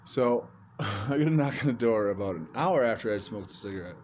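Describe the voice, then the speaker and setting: A man's voice: lowish voice, animated, fairly quick, darkish tone. A man telling a rambling comic true story in casual talk, cursing and laughing as he goes. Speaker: storyteller doing comedy shorts. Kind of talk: casual spoken anecdote. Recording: dull lo-fi with faint room noise.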